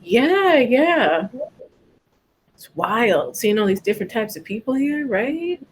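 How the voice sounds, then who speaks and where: A woman's voice: fairly high pitch, big pitch swings, slow, a little hiss or hum. Laid-back woman tabletop player. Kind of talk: casual tabletop play.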